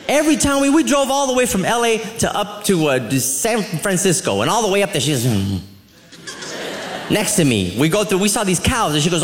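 Animated stand-up comic man, lively crowd. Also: sits high, fairly quick. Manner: animated, laughing, acts out family members. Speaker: stand-up comedian. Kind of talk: stand-up comedy routine. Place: comedy club stage. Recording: live club with audience laughter and crowd noise.

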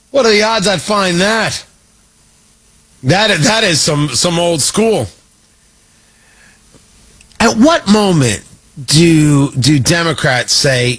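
A man riffs on the day's news as a talk-show host, sarcastic and mocking, often stopping to restart his thought. His husky voice sits high and swoops with a lively pitch. It has a bright, forceful edge. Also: a little slow. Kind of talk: opinionated talk-show commentary.

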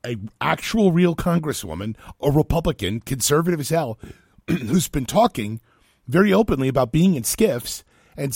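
Gravelly, animated talk radio host. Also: male voice, mid-range voice, dry recording, clean studio sound. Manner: rambling, self-deprecating, quick asides. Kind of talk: casual radio banter.

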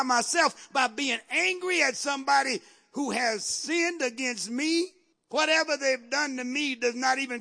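A man's voice: extremely high pitch, measured pace, gravelly, pushed and bright. A man preaching a sermon, retelling a scripture story emphatically, repeating phrases and calling out to the congregation. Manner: emphatic, repetitive, calls out to the congregation.

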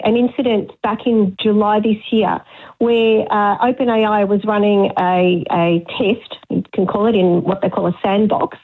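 A woman calling in to talkback radio, earnest and a little hesitant. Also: on the high side. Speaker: caller. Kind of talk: talkback call. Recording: tinny phone line.

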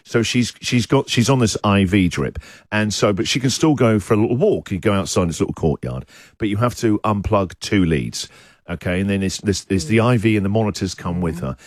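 A man hosting a radio breakfast show, telling stories in a chatty, jokey way that gets animated as he goes. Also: lowish voice, brisk, dry recording, studio quality. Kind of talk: casual radio banter and storytelling. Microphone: studio microphone.

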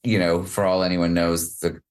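Deep-voiced male musician guest, reflective with a wry edge, low and resonant. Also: level tone, normal speed, clean tone. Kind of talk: interview conversation.

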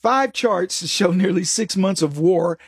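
Husky high-voiced male talk host. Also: unhurried, no room sound, clean studio sound. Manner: mocking, laughs often, animated. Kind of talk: political commentary.

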